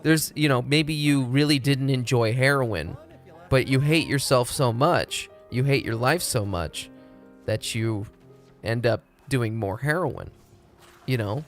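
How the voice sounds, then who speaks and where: A man's voice: mid-range voice, measured pace, faint music behind. A young man from Texas, chatting casually and profanely on a live stream. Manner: rambling, profane, laid-back.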